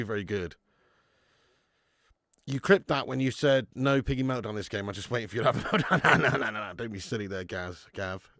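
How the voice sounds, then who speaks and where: A man's voice: medium pitch, no room sound, clean studio sound. A man doing a live football watch-along, chatty and sweary, reading out viewer messages on a webcam mic.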